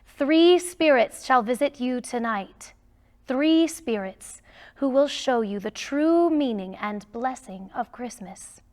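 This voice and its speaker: A woman voicing the ghost of an old man bound in chains, calling out slow, solemn warnings in a storybook read-aloud. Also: high voice, expressive, a little mellow.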